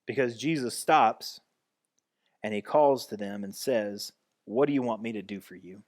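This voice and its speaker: A man's voice: lowish voice, a little slow, darkish tone. A man pastor giving a conversational sermon, restarting and repeating phrases as he goes.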